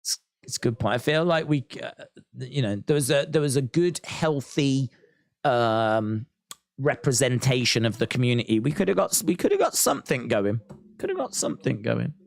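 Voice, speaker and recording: Stream host, male, animated pitch swings, dry close mic, rambling chat. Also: normal speed, creaky, dry recording. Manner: rambling, thinking aloud, reads chat comments. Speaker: wrestling watch-along host. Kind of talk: live-stream reaction chat.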